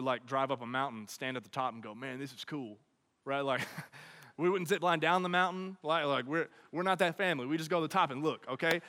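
A young man tells a comic personal story to an audience, animated and constantly checking in with "okay?" and "right?". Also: on the high side, big-room sound.

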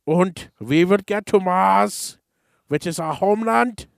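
Guy doing a silly fake german scientist voice, way higher and draggy slow, bragging big. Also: vocal fry, no echo, studio quality, exaggerated voice. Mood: grandiose. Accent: mock German. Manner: hammy, grandiose. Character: boastful German-accented male space scientist. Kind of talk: comic impression in podcast chat.

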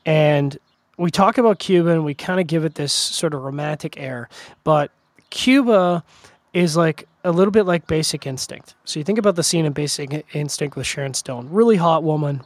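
Middle-aged canadian guy rambling through a story, kinda high voice, dry close mic. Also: expressive, moderate pace, no echo. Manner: rambling storyteller with frequent restarts and fillers. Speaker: podcast co-host. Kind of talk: casual chat.

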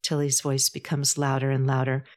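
A woman author and podcast host narrating her storybook in a calm, measured reading. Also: extremely low pitch.

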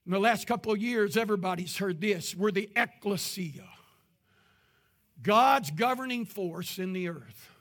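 High, bright-voiced preacher man. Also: unhurried. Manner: impassioned preaching, rising to shouts. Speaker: pastor. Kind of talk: sermon.

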